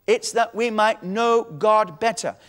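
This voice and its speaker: A man's voice: sits high, a little slow, a bit bright, long reverb tail. A man preaching a sermon, teaching with emphatic authority and quoting scripture.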